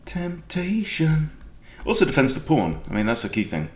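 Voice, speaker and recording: Lively low-voiced Welsh man coaching chess. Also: fast, echoey room. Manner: chatty, jokey, thinking aloud. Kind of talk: casual game commentary.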